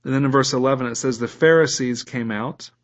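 A man's voice: mid-range voice, fairly quick, highs cut off. A man preaching a sermon as a pastor, reading scripture aloud and putting questions to his listeners.

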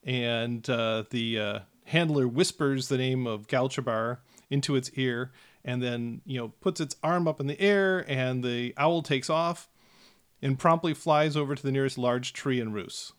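Man, game master, tabletop game narration, relaxed, many fillers, middle pitch. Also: measured pace, clean tone.

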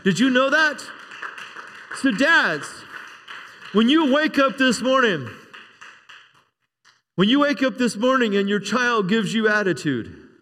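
Guy pastor preaching, high bright voice, lots of amens, big echoey church hall. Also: big pitch swings, slow, long pauses, a little hiss or hum. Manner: conversational preaching with frequent call-and-response amens. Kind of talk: sermon. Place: church sanctuary. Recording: long reverb of a church hall.

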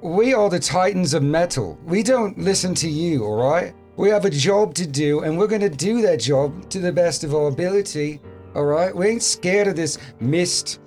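A man's voice: high-pitched, expressive, moderate pace, a little mellow, faint music behind, pitched above the performer's own voice. Man voicing a pushy mercenary, blustering, raised voice, tabletop game. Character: tough male mercenary, brash and blustering.

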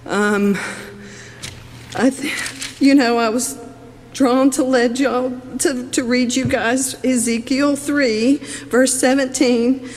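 A woman speaks at a public hearing, earnest and a little halting. She quotes scripture, and her voice carries a long echo from the hearing room. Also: a little high, fairly even intonation, darkish tone. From West Virginia. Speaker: public commenter at a legislative hearing. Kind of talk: public testimony.

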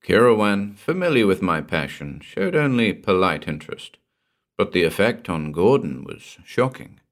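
Deep-voiced male audiobook narrator. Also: big pitch swings, moderate pace. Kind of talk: scripted story narration.

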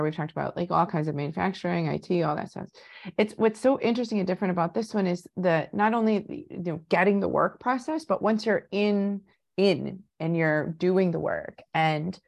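A woman hosts a podcast interview in a lowish voice. There is a creaky fry at the edges of her words. She rambles through her questions and stacks several of them together. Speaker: podcast host. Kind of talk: casual interview talk.

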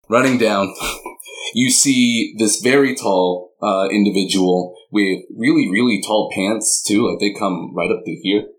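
Man player, deep and slow, relaxed and unhurried. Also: low-quality recording. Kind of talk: tabletop role-play.

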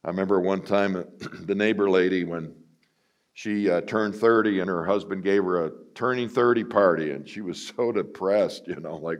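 A middle-aged man with a fairly low voice gives a sermon as personal storytelling. His delivery is casual and self-mocking, full of "you know" fillers. He acts out quoted lines with sharp leaps up in pitch. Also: lively intonation, moderate pace. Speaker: guest preacher.

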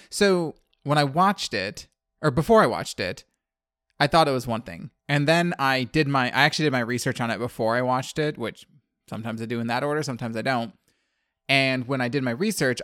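A man's voice: medium pitch, a bit bright, no echo. Rambling male podcast host, dry sound. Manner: rambling, self-correcting. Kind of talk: casual podcast chat.

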